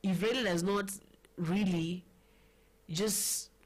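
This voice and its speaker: A woman's voice: medium pitch, fairly even intonation, slow pace. Chatty Kenyan woman hosting a talk show. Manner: chatty and playful, switching languages mid-sentence. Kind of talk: casual political chat.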